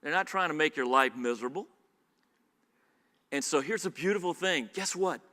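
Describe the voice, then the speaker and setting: A man preaching a sermon in a church, animated, shifting between loud emphasis and quiet asides and putting questions to the congregation. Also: a little high, moderate pace. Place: church sanctuary. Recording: live church sermon with long hall reverb.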